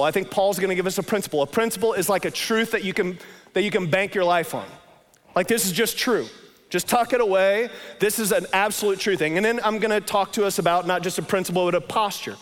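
A man's voice: sits high, long reverb tail. A man preaching a sermon, talking casually and with emphasis and repeating his phrases. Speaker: pastor.

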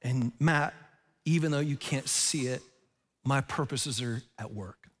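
A male pastor preaching a sermon, telling stories in an animated way and laughing at himself. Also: mid-range voice, measured pace, big-room sound.

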